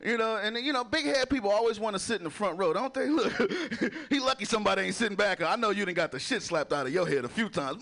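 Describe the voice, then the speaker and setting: A man's voice: sits high, lively intonation, a little fast, fairly bright tone. A man doing a crude stand-up comedy set, laughing at his own jokes and talking in a loose, chatty way. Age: adult with a son. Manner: loose, chatty, keeps asking "you know".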